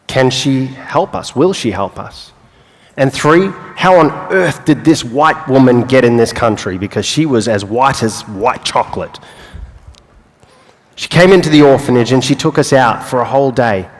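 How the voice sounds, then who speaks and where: A young man giving a motivational talk on stage, telling his life story with long pauses and playful asides. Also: medium pitch, expressive. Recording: live hall with long reverb.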